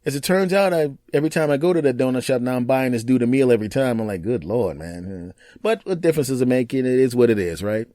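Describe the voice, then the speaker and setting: Man, podcast host, animated storyteller, dry close mic. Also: medium pitch, no room sound. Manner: animated, acts out other people's lines in quick put-on voices. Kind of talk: casual storytelling monologue.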